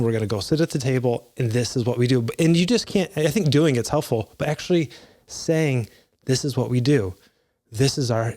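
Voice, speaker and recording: A man's voice: mid-range voice, darkish tone. A man in his thirties giving earnest, conversational advice to fathers, with restarts and asides. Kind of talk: casual motivational talk.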